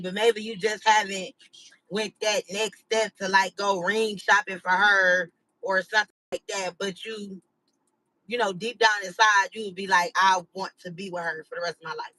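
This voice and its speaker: A woman hosts her channel and chats loosely with viewers, rambling in slangy talk full of "like" and "you know." Her voice is bright and ringing and close to the mic. The recording is dry, with no room sound. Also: medium pitch, fairly even intonation, normal speed, dry recording, low-quality recording. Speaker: channel host. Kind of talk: casual chat to live viewers.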